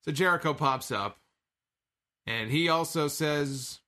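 A man's voice: on the high side, takes it slowly, pauses often, bright, forceful tone. A man casually recapping a wrestling show, chatty and sarcastic, swearing now and then. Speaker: wrestling podcast host.

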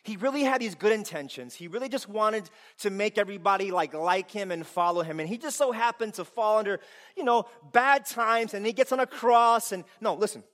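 A man preaching a sermon to a congregation, animated and playful, with loud bursts of laughter. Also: high-pitched, a little fast. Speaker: pastor.

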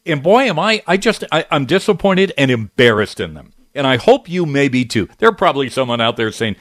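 A middle-aged man hosting a talk radio show, talking in an animated, indignant, conversational way with frequent restarts. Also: medium pitch, fairly quick, dry recording, clean studio sound. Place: radio studio.

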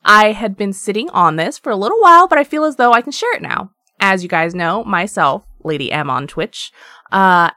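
Lively woman reading listener stories. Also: mid-range voice, dry recording, studio quality. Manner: lively, laughs often, chatty asides while reading. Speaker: podcast co-host.

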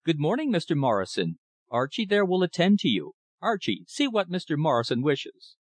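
A man's voice: a little high, very animated, moderate pace, dry recording, voice pushed up. A man doing a polite, careful office clerk. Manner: delicate, respectful.

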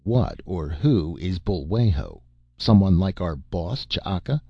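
A man's voice: low-pitched, lively intonation, slow pace, gravelly, husky, dry recording, lo-fi sound, exaggerated voice. A man reading the lines of a resourceful captive stranger who speaks in urgent, probing questions. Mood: curious.

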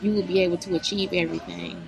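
A woman's voice: on the low side, steady tone, fast talker, vocal fry, crowd noise, low-quality recording. A woman giving blunt, profane motivational advice straight to her viewers, in a preachy vlog style. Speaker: vlogger giving life advice.

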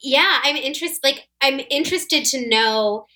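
A woman's voice: high voice, moderate pace, bright, forceful tone. A young woman hosting a podcast, chatty and curious, peppering her talk with "like". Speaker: podcast host. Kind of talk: casual conversational interview.

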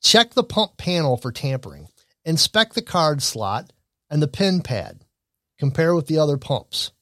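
This commentary show host from Michigan talks through news and politics casually, bluntly and with strong opinions, rambling and restarting his sentences. His voice is fairly high for a man, fairly bright and sing-song, and he takes his time. The sound is dry and close, with no room in it.

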